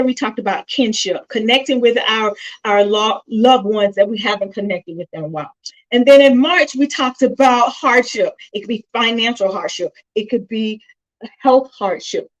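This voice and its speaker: A woman's voice: fairly high pitch, poor audio. A middle-aged woman hosting a live stream on her phone, speaking with emotion and choking up at times as she addresses her viewers directly. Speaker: host of a self-help live stream. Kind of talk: heartfelt live-stream talk.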